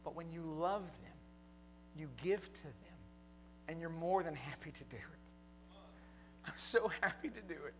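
A young man preaching a sermon, telling a personal story that builds to a fervent, shouted close. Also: a little high, expressive, unhurried, pauses often, slight background noise. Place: church hall with congregation.

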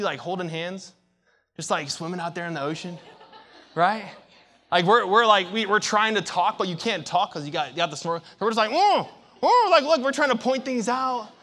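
A young man preaching a sermon, telling a story with big swings from hushed to shouting. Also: sits high.

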